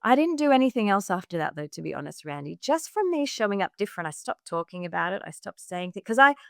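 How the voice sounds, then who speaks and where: A woman's voice: medium pitch, sing-song, quick pace, gravelly, dry recording. Earnest woman coach, dry close sound. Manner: earnest, acts out her own past remarks in quotes; frequent "like" fillers. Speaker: podcast guest, women's health coach. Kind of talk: personal storytelling in a podcast interview.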